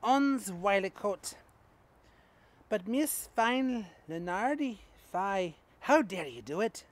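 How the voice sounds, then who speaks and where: A man's voice: sits high, animated, slow pace. A man doing a scolding Scottish churchgoer. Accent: put-on Scottish. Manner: declaiming verse in broad dialect.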